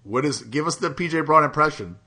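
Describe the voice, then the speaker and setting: Podcast host guy, crisp bright tone, keeps prodding the other guy to tell more. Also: fairly high pitch, expressive, fairly quick. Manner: teasing, prompting questions. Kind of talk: casual chat.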